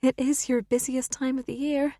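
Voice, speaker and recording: A bright, friendly American wife of a village vicar in an audiobook, as the woman narrator puts her on. She chats warmly at a middle pitch. The sound is dry and close. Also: level tone, normal speed, no echo.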